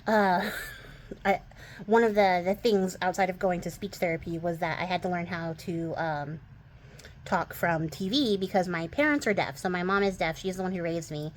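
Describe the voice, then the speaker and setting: A woman's voice: on the low side, fairly even intonation, normal speed, a little hiss or hum. Chatty crafter woman, lightly twangy. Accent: mild Texas twang over a West Coast accent. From western United States. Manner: chatty, rambling, laughs often, many fillers. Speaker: crafting channel host. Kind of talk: casual crafting chat.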